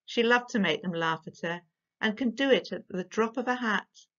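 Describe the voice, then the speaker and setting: A woman reading a storybook aloud as storyteller, measured and expressive. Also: medium pitch. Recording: dull lo-fi recording.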